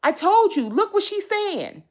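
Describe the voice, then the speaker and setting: A woman putting on a spiteful accuser who repeats the same charge over and over in a shrill, raised, mocking voice. The figure sounds taunting and self-righteous. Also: sing-song, unhurried, a little mellow, heavily acted.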